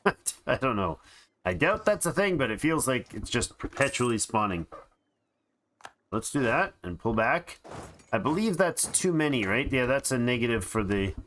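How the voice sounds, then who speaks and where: A man's voice: medium pitch, bright, forceful tone, a little hiss or hum. A tired man hosting a let's play, thinking aloud in casual game commentary with frequent restarts. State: tired and yawning.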